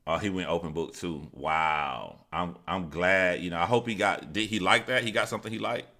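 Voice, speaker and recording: A man's voice: low voice, normal speed, pushed and bright. A man hosting a live stream, telling stories in a casual, profane, rambling way and reading out viewer chat.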